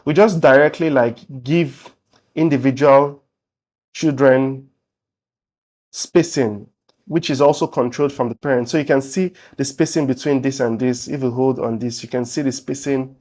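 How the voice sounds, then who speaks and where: A man teaching a web development lesson, talking through code as he types it on screen. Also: medium pitch. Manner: relaxed, thinking aloud while typing. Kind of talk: screen-share coding tutorial.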